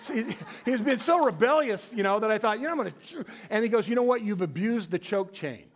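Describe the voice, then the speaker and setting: With lively intonation and a slightly quick pace, a male preacher narrates his sermon as a story. He voices the characters he quotes and lowers to a hushed tone for emphasis.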